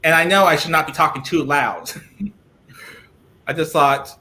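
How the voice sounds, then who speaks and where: A man being interviewed over a video call, who often restarts his sentences while he searches for words and says he talks loudly. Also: fairly high pitch, a little slow, pauses often. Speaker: guest. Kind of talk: live-streamed interview.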